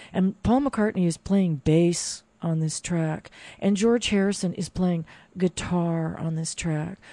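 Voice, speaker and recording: A woman's voice: fairly low pitch, dark tone, no echo. Chatty, enthusiastic female music host. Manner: chatty and enthusiastic, loose with fillers. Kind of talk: casual radio storytelling.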